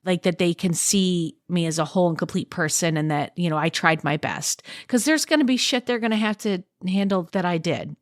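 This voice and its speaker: A woman's voice: on the low side, fairly quick, few pauses, no room sound, clean studio sound. A woman speaking as a podcast guest, talking frankly and reflectively, swearing freely as she chats. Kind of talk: candid conversational chat.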